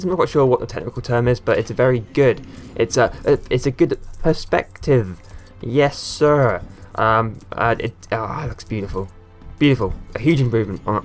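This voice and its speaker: Guy doing a lets play, chatty and rambly, voice jumps way up and down when he gets excited, yells at the game people. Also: mid-range voice. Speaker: gaming video creator. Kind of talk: casual let's-play commentary.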